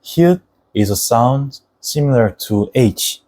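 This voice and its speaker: A man's voice: mid-range voice, animated, a little mellow, low-quality recording. A young man whose first language is Korean, patiently explaining the Korean alphabet in a lesson. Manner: patient, deliberate, models Korean words slowly.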